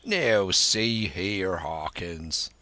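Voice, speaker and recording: A man's voice: low voice, expressive, drawn-out words, bright, forceful tone, pitched below the performer's own voice, full character voice. A man voicing an older, crafty one-legged pirate cook who blusters in thick sea slang, for an audiobook. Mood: wheedling.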